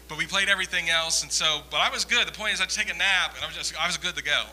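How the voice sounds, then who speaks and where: A man's voice: a little high, quick pace, sharp tone, slight background noise, low-quality recording. A man giving a conversational sermon as a pastor, rambling through self-deprecating stories with humor.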